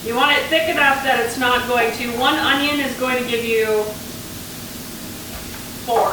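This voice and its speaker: A woman's voice: on the high side, measured pace. A woman from Canada chatting casually through a home cooking vlog, full of rambling asides while she cooks. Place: home kitchen. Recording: very echoey kitchen, mic far off, frying noise. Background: food sizzling on a grill pan.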